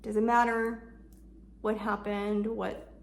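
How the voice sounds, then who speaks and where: A woman talking through emotional self-care in a relaxed, chatty way, full of fillers and restarts. When she voices the kind words she says to herself, she slows and softens into a hush. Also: medium pitch, vocal fry. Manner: conversational, filler-heavy, drops soft and slow when voicing comforting self-talk. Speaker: shadow work coach. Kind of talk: casual self-help talk.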